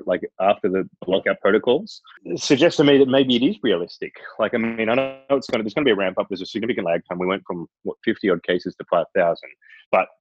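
A man talking casually about sport, pausing and restarting often. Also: lowish voice, slightly rough, no echo, dull audio. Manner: hesitant, many restarts and ums.

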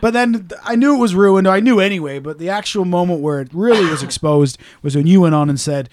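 A young man co-hosting a casual chat, telling stories excitedly, swearing freely and easily wound up. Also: high voice, fairly quick, hardly any pauses. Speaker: podcast co-host.

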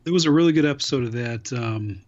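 A man in easygoing podcast conversation, meandering through stories with wry asides and the odd curse. His pitch sits mid-range. The recording is a little muffled and lo-fi. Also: quick pace, a little mellow. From now living in California. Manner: rambling, profane, wry. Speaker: podcast host. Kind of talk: casual chat.

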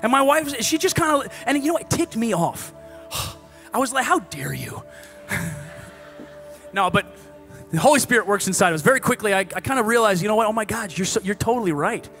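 A man preaching a sermon in a conversational, animated way, swinging from loud exhortation to hushed asides. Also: sits high, brisk, soft background music.

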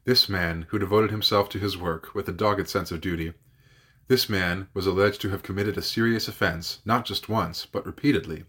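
Male guest reader, low, husky, steady novel narration with occasional self-corrections. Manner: measured, with occasional slips and corrections. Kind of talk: audiobook narration.

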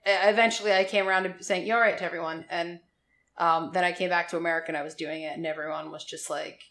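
A woman in casual chat, telling stories in an animated way and acting out the quotes she tells. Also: lowish voice, fast, reverberant. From Philadelphia area. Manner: animated storyteller, acts out quotes.

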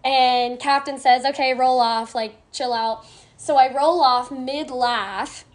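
A high-voiced woman co-hosting a podcast in casual chat. She talks in a quick, chatty way with many fillers as she explains things and tells stories. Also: steady tone. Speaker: podcast co-host, dive professional.

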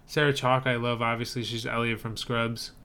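A man's voice: medium pitch, little pitch movement, normal speed, bright, forceful tone. A man co-hosting a podcast, chatting casually and giving opinions on movie trailers with frequent fillers. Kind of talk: casual chat.

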